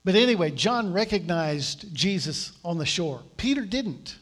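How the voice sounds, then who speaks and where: A man's voice: sits high, animated, unhurried, fairly bright tone. A man preaching a sermon in a conversational, storytelling way, acting out the voices of the people he quotes. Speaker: pastor.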